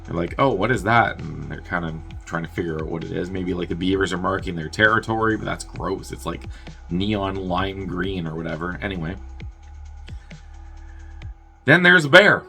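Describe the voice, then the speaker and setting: A man's voice: low voice, fairly quick, gravelly, bright, forceful tone, soft background music. A man hosting a movie review show, casually recapping a plot in a rambling, wry way and laughing at his own jokes. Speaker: movie review podcast host.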